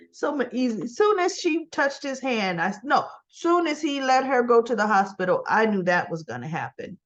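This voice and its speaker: A woman giving a casual, chatty recap, animated and full of rhetorical asides. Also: a little high, dull audio. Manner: animated, rhetorical asides, talks back to characters. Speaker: soap opera recap vlogger.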